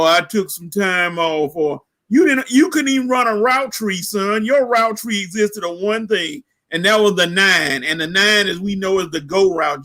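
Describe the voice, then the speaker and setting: Middle-aged male co-host with a bright, tense voice, heated sports-talk delivery. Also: high-pitched. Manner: fiery, preachy, building to shouts. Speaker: co-host, former coach.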